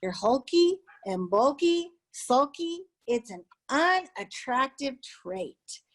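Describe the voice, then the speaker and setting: A blunt, straight-talking octopus from a children's storybook, telling it plainly, as a woman reading aloud puts it on. The voice sits noticeably higher than her usual reading. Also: very animated, takes it slowly, full character voice.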